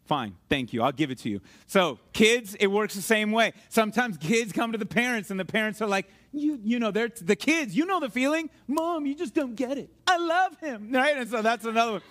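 A man's voice: high voice, animated, fairly quick, hardly any pauses, a bit bright. A middle-aged man preaching a conversational sermon to his church, joking and asking the congregation questions. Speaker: pastor.

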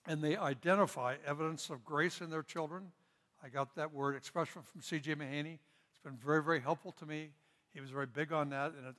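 A middle-aged pastor with a slightly higher-pitched male voice gives a parenting seminar, earnest and folksy, with stories woven in. His voice trails off into a long reverb, like a large church hall. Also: a bit bright. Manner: earnest, folksy storytelling with asides. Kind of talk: seminar teaching.

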